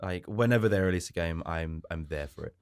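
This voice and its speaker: A man's voice: low-pitched, fairly quick, smooth. A man co-hosting a podcast, chatting casually and enthusiastically, swearing now and then. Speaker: podcast co-host. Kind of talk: casual chat.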